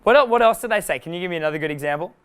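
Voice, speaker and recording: A man giving a live dating seminar, animated and profane, laughing at his own jokes. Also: high voice, rapid-fire, smooth. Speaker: dating coach.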